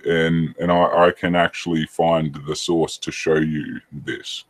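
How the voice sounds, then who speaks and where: A man's voice: very deep voice, flat delivery, unhurried, dry recording. A man, chatting casually on a podcast in a rambling, hesitant way that keeps correcting itself.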